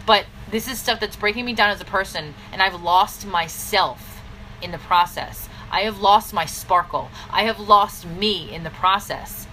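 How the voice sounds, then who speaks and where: A woman business coach giving a blunt, scolding pep talk straight to camera, with sudden swings in pitch. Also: measured pace, sharp tone, a little hiss or hum, low-quality recording. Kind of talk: direct-to-camera motivational vlog.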